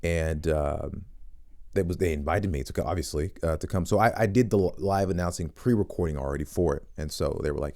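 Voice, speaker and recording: A young man telling a story in a casual interview, animated and acting out what people said. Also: a little fast. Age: young adult. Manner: animated, acts out quotes in high squeaky voices. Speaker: voice actor guest.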